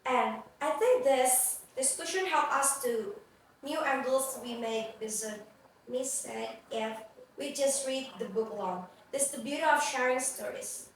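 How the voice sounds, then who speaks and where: Young woman, high voice, earnest podcast co-host, roomy echo. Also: unhurried. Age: young adult. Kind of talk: scripted casual podcast chat. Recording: echoey room, far-off mic, faint noise.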